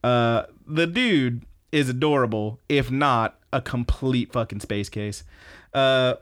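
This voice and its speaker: A man co-hosting a podcast, recapping anime episodes in casual chat, animated and swearing freely. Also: medium pitch, slow pace. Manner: animated, profane, laughing storyteller. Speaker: podcast co-host.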